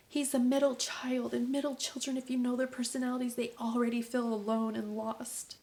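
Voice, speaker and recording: A woman's voice: a little high, flat delivery, brisk, hardly any pauses, mellow, slight background noise. A middle-aged woman talking straight to camera about her family, earnest and preachy, often dropping into a whisper for emphasis. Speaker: vlogger, mother. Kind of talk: emotional personal vlog monologue.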